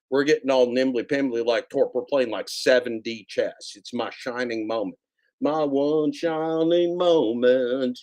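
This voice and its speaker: A man's voice: medium pitch, a little mellow. Rambling man hosting a livestream. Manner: rambling, repetitive, teasing. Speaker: livestream host. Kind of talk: casual livestream banter.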